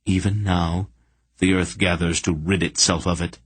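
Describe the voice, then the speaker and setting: A man's voice: deep voice, level tone, normal speed, husky, no echo. A man reading an audiobook, voicing an unseen spirit that speaks sharply and with authority inside another's mind. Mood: assuring. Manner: sharp, assured.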